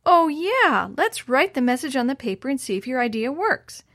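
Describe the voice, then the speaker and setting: A woman reading the lines of an excitable young boy in a storybook, with a lifted, dry delivery. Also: high voice, brisk, dry recording, pitched above the performer's own voice. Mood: lively.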